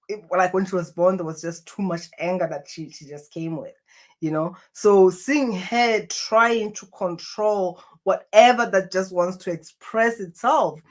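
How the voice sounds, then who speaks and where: A woman talks to her viewers as a spiritual coach. Her delivery is earnest and unscripted. She often stumbles and repeats words before her point lands, and her pitch sits in a middle range. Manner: earnest, with many restarts and repeated phrases. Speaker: spiritual self-help coach. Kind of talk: spiritual self-help talk to camera.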